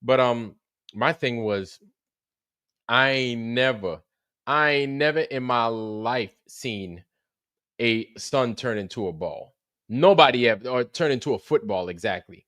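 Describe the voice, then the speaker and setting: A man of middle pitch talks loosely to his livestream chat, swearing freely and laughing between stories. He greets viewers by name as he goes. His voice sits close and dry on the mic, with no room sound. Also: measured pace, a bit bright, dry recording. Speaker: livestream host. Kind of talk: casual livestream recap chat.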